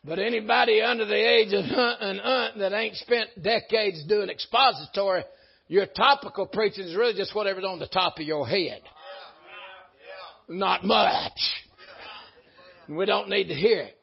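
A man preaches a folksy, emphatic sermon, swinging between loud peaks and low asides. His voice sits high and sounds husky. The recording is dull and lo-fi. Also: normal speed. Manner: folksy, emphatic preaching with sudden rises and drops. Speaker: pastor.

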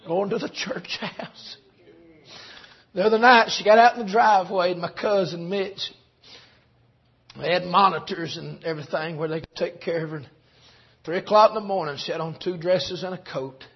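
A man preaching a sermon, shifting from quiet storytelling to shouted preaching. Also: sits high, normal speed, long pauses, breathy edge. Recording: dull lo-fi recording.

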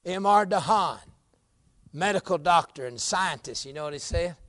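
A high-pitched man preaches a fiery, folksy sermon. He swings from near-murmurs up to ringing shouts. The recording is dry and close. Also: animated, normal speed, no room sound. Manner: folksy, drops to low murmurs then climbs to shouting.

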